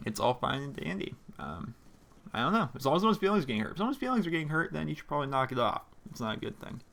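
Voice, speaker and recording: A man's voice: mid-range voice, vocal fry, a bit bright. A young man from Pennsylvania in his twenties, hosting a gaming channel and answering viewer letters at his desk mic, rambling informally with lots of fillers and restarts. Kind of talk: casual to-camera chat. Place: home gaming room with a squeaky chair. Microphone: desk microphone in front of monitor.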